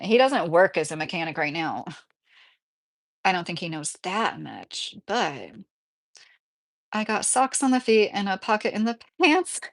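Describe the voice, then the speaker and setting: A woman in her late thirties hosting a casual livestream from home, chatting and reading viewer comments aloud, often breaking into laughter. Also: fairly low pitch. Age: 30s. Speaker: livestream host reading chat. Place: mobile home indoors.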